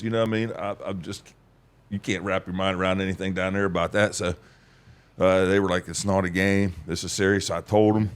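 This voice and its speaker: A man, telling his life story in a rambling, folksy way. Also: smooth. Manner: rambling, folksy, drops to a low mutter. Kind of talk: casual storytelling conversation.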